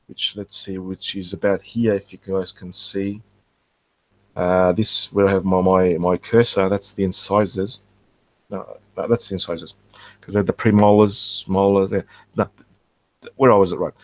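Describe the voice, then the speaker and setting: A man with a fairly low voice walks through fossil details in casual commentary. He talks in a rambling, halting way and keeps correcting himself mid-phrase. The recording is dry, with no room sound. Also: dry recording. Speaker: archaeology channel host.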